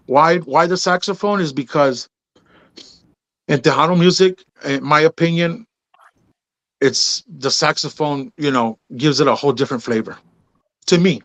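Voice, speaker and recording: Easygoing guy telling a story on a podcast, says bro a lot, does the voices of people he quotes, dry mic, mid pitch. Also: moderate pace, fairly bright tone, dry recording. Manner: laid-back, drops in "bro" and "man", acts out quoted dialogue. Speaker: podcast host telling his story as a guest. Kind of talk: casual storytelling interview.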